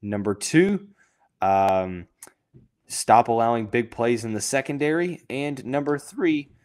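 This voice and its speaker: Expressive and a little mellow, this young podcast host's medium-pitched voice moves slowly as he talks through sports, full of fillers and restarted sentences, and he's got the hiccups.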